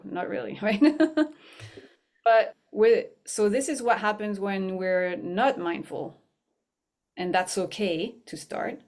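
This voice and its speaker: A middle-aged woman guest talks about mindfulness in a loose, conversational way. She laughs often and trips over her words while she tells a story. Her voice sits at a medium pitch. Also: darkish tone. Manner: chatty, laughs often, many restarts and fillers.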